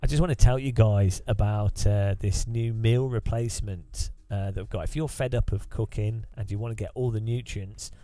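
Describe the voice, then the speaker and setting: A man's voice: on the low side, steady tone, normal speed, hardly any pauses, mellow, dry recording, close to an everyday voice. A man voicing a smarmy male podcast host who hawks supplements in a mock-salesy, upbeat way full of filler. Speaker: streamer.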